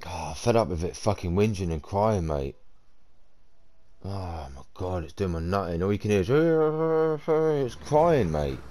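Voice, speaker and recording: A man's voice: low-pitched, moderate pace, a little mellow. Rambling man chatting while gaming. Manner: chatty, rambling, slangy and blunt. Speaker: gamer streamer. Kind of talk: casual gameplay commentary.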